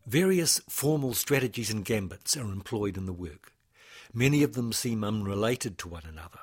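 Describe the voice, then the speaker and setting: A man, a composer, presenting his own work in a measured, formal, read-out lecture. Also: fairly low pitch, slightly rough.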